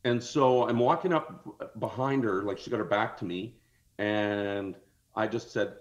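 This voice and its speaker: A man telling a story in casual podcast chat as a guest. He speaks in an animated way and often laughs as he talks. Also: fairly low pitch, a little slow, dull audio.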